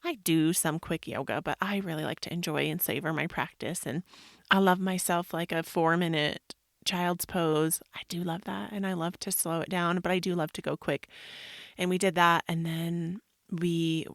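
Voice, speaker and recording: Low gravelly woman, rambling confessional chat. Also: steady tone, moderate pace, no room sound, clean studio sound. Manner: rambling and confessional, full of "like" fillers. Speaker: yoga podcast host. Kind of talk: casual personal monologue.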